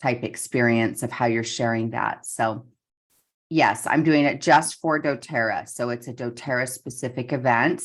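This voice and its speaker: Low-voiced woman, lively storyteller. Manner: animated storyteller, acts out quotes. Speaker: business coach. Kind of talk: casual coaching call chat.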